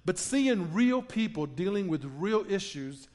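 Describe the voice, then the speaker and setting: Male pastor, high tenor, animated storyteller delivering a sermon to his church. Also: a little slow. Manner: animated storyteller, acts out quotes with laughter. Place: church in front of a congregation.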